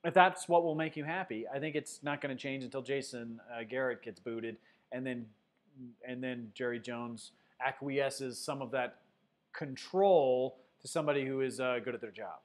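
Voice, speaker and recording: A man's voice: mid-range voice, normal speed. A man hosting a casual sports livestream, reading viewer comments aloud and chatting loosely, with plenty of fillers. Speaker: sports show host. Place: Denver.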